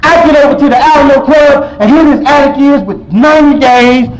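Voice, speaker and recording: High-voiced man giving emotional testimony. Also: fairly quick, rough recording. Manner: animated, emotional storytelling with sudden loud outbursts and soft low passages. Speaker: speaker sharing his story at a recovery meeting. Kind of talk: personal testimony.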